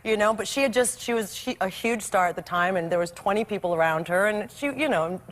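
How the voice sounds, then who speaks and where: A woman on a talk show, telling a personal anecdote in a lively, animated way. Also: medium pitch, a little fast.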